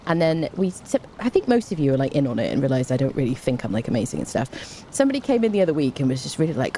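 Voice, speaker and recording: Young female streamer, low voice, lively and warm-toned, casual self-mocking chat, faint noise. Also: fast. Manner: chatty, self-mocking, greets viewers warmly. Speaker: game streamer.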